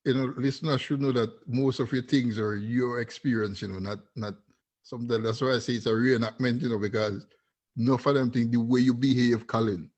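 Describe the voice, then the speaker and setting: A man's voice: mid-range voice, fairly even intonation, fairly quick, darkish tone, dull audio. A man with a Vincentian accent hosting a casual chat, laid-back and teasing. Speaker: host.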